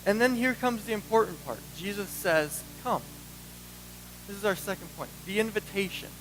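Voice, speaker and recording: A man preaching a sermon as pastor, animated and acting out the voices he quotes. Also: high-pitched, normal speed, slight background noise, low-quality recording.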